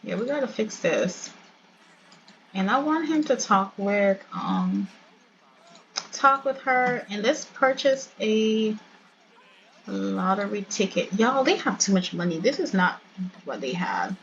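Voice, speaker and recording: A woman's voice: medium pitch, expressive, takes it slowly, pauses often, highs cut off, slight background noise. A young woman casually narrating her life-sim let's play, chatty and storytelling. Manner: chatty, storytelling, laughs often.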